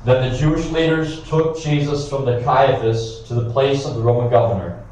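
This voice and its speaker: A man reading scripture aloud with brief comments of his own, steady but with occasional stumbles and asides. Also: medium pitch, moderate pace. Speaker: scripture reader. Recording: echoey room, distant mic.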